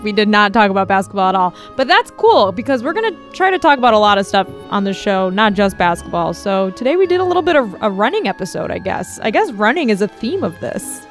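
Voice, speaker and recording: A woman's voice: medium pitch, sing-song, quick pace, few pauses, soft background music. Woman co-host, jokey and laughing, casual delivery. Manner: playful, laughs often, jokey. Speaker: podcast co-host and producer. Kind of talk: casual chat.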